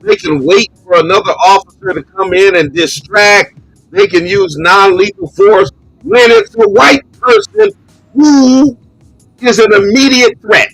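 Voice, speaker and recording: A man's voice: sits high, big pitch swings, a little slow, creaky, a bit bright, no room sound, faint music behind, low-quality recording. A man, a bishop hosting a live call-in show, speaking with emphatic passion and repeating words for stress. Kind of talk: impassioned live call-in commentary.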